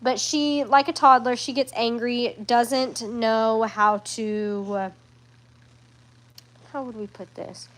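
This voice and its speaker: A woman's voice: on the high side, fairly even intonation, slow, poor audio. A young woman chatting casually in a home vlog, rambling with restarts and fillers. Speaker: vlogger.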